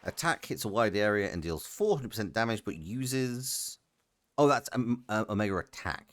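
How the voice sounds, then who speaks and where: A man with a lowish, slightly bright, expressive voice streams a game live at a normal pace. Between plays he chats casually, rambles, and reads the chat out loud.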